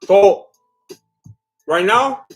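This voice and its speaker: A man with a slightly high-pitched voice hosts a casual live stream. He chats loosely with his viewers and reads their comments aloud. He laughs often and drifts a bit while eating. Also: lively intonation, drawn-out words, husky, soft background music. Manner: chatty and scattered, laughing often. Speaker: livestream host. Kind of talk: casual live watch-along chat reading viewer comments.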